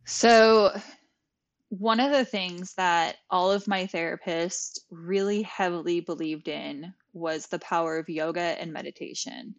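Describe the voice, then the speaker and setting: Young woman yoga teacher on a podcast, unhurried, chatty, says like a lot. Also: on the low side. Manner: candid, frequent "like", acts out her own past thoughts. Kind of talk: conversational storytelling.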